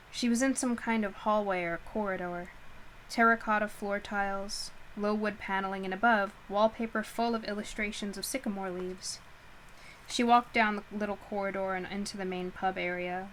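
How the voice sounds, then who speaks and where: A woman's voice: medium pitch, fairly bright tone, a little hiss or hum, poor audio. Woman reading aloud, self-correcting. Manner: stumbles and corrects herself, chatty asides. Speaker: audiobook reader. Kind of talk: casual read-aloud narration.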